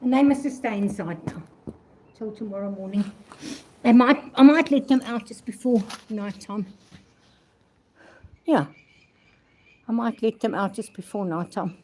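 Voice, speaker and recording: A woman's voice: on the high side, measured pace, pauses often, darkish tone, a little hiss or hum. An older woman from South Africa chatting casually in a vlog outdoors at a horse stable, rambling and talking fondly to her horses, recorded on a handheld phone. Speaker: vlogger.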